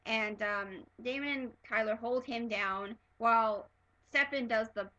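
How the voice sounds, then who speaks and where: A woman excitedly reviewing a TV episode in a casual fan vlog, gushing and stumbling over fillers and restarts. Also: fairly high pitch, unhurried, muffled recording.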